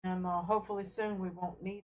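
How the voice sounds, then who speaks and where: A woman hosting a casual fish-keeping live stream from her home fish room, talking in an unhurried, friendly way with fillers as she carries her camera from tank to tank. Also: fairly low pitch, level tone, a little mellow, rough recording. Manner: unhurried, friendly, talks while showing tanks, with fillers. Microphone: handheld camera she carries around.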